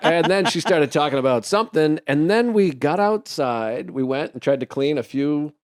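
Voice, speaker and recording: A man trading quick, crude stories on a comedy podcast. His voice sits a touch high, and the studio sound is dry and close. He slips into mocking voices to act out the people he talks about. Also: animated, no room sound. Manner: fast, crude storytelling with mocking impressions. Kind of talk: casual banter.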